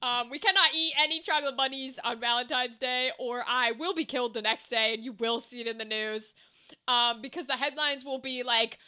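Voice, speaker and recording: A young woman chatting on a live stream in a high, very bright voice. She rambles from one thought to the next and hums little tunes to herself along the way. She sounds casual and talkative. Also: fairly even intonation, a little fast, clear, resonant tone.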